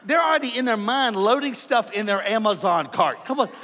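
A middle-aged man preaching a comedic sermon, animated, joking and acting out the voices of his listeners. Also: high-pitched, normal speed. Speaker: pastor. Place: large church hall. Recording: sermon in a reverberant church.

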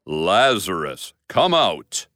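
A man voicing Jesus as a calm, solemn grown man in a children's Bible retelling, speaking slowly and low. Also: vocal fry, background noise, full character voice. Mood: commanding.

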